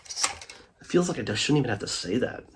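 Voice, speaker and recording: A man hosting a casual commentary show, rambling with many fillers and restarts, often trailing off quietly at the end of a thought. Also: mid-range voice, expressive, moderate pace, noisy background. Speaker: host reviewing a streaming documentary.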